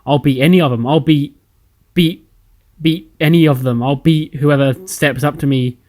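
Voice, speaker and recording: A man's voice: on the high side, fairly even intonation, normal speed, warm tone, close to an everyday voice. A man doing a defiant female champion.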